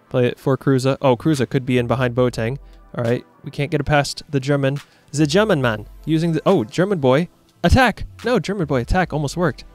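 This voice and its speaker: A young man giving casual, excitable commentary over his own football video game match, reacting loudly to the plays. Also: mid-range voice. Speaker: gaming YouTuber.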